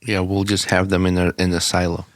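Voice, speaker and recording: A man's voice: low voice, little pitch movement, a little fast, no room sound. A man co-hosting a casual podcast, laid-back and dry, mostly giving short replies. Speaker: podcast co-host. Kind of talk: casual banter.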